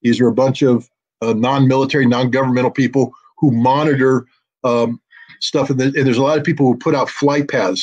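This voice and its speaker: A man's voice: medium pitch, steady tone, a little fast, darkish tone, lo-fi sound. A man speaking as an interview guest, blunt and combative, mocking the people he criticizes. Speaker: guest commentator. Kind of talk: interview, heated commentary.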